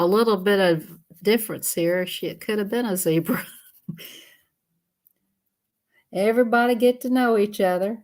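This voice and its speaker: Chatty woman livestreaming. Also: fairly low pitch. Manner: chatty, laughs often, greets viewers. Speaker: livestream host. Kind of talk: casual livestream chat while coloring.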